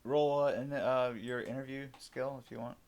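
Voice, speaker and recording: A man's voice: medium pitch, steady tone, normal speed, a little mellow. A man running a tabletop game as game master, talking casually and swearing freely.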